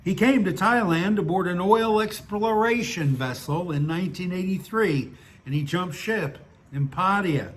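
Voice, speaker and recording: A man's voice: high voice, unhurried, slight background noise. Older man reading his own stories. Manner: digressive, self-mocking asides. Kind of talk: story reading with chatty asides.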